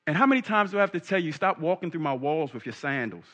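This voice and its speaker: Man voicing a sassy mother, mocking and scolding, sharp bright tone. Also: on the high side, lively intonation, quick pace, pitched above the performer's own voice. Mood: exasperated. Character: sassy scolding mother, teasing her grown son.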